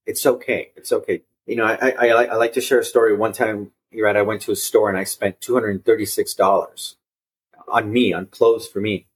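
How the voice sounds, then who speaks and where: A man's voice: lowish voice, little pitch movement, brisk. A man guest on a podcast, telling personal stories in an earnest, reflective way, often repeating and restarting his phrases. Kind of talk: reflective conversational storytelling.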